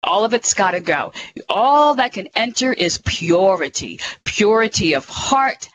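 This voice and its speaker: A woman talking earnestly and slowly on a spiritual radio show, as a guest. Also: mid-range voice, very animated, background noise. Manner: earnest, slow and emphatic.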